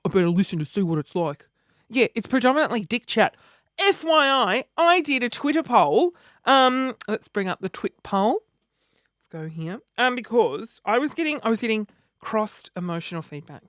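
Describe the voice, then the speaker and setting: A man's voice: extremely high pitch, sing-song, normal speed, fairly bright tone, no room sound, studio quality. A man in his thirties chatting casually to camera in a self-mocking, dramatic way. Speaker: vlogger.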